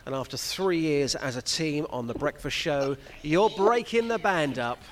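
A man's voice: fairly high pitch, animated, moderate pace. Dry, jokey radio presenter man. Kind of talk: scripted comic farewell segment.

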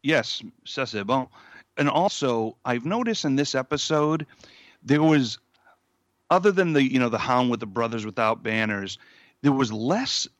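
A man's voice: medium pitch, no echo, highs cut off. A man co-hosting a podcast, chatting casually and rambling with fillers. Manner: rambling, laughs easily. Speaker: podcast co-host. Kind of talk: casual chat.

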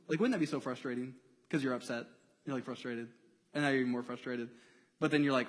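Casual, lively preaching man in a hall. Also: medium pitch, a little fast. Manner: casual, conversational preaching with slang and rhetorical questions. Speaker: pastor. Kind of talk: sermon.

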